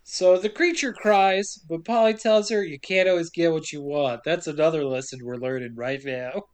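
A woman's voice: low-pitched, normal speed, darkish tone. A woman co-hosting a podcast, recapping a movie in casual chat with a sarcastic, joking manner. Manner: sarcastic, acts out characters in quotes. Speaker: podcast co-host.

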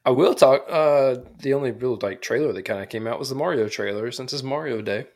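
A man with an ordinary mid-range voice co-hosts a casual podcast. He talks loosely and easily, often pausing on "um" and "uh" as he rambles through his thoughts. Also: medium pitch, a crowd in the background. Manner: relaxed, rambling, with fillers. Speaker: podcast co-host.

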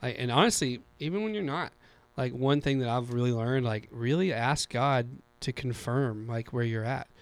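A man's voice: medium pitch, moderate pace, few pauses, smooth, no echo. Young male podcast co-host, earnest and rambling, clean close sound. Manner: earnest, filler-heavy storytelling. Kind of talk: casual faith conversation.

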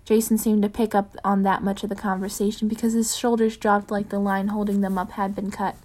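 A woman reading fan fiction aloud in a plain, unpolished way, pausing to correct her own slips. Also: medium pitch, level tone, a little mellow. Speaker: reader.

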